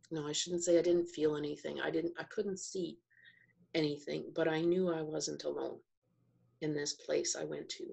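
A middle-aged woman with a low, husky voice that crackles into fry. She tells her own story as a podcast guest, slowly and reflectively, pausing and circling back as she looks for the right words. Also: dark tone. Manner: slow, reflective storytelling with pauses and restarts. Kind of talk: personal testimony in an interview.

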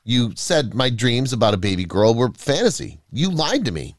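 Man doing a soft halting woman, thirties, bewildered, high lifted voice, storybook character. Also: very animated, no room sound, clean studio sound, close to an everyday voice. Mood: shocked.

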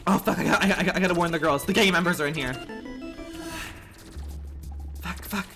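A man's voice: sits high, moderate pace, pauses often, a bit bright, soft background music. A man streaming a role-play game in a flamboyant, campy manner, swearing freely and calling people darling.

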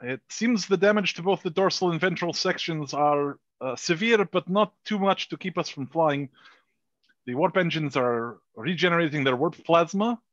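A man playing a chief engineer in a tabletop game, reporting in a measured, officer-like way with fillers. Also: on the high side, a bit bright, no room sound, lo-fi sound. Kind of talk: tabletop role-play.

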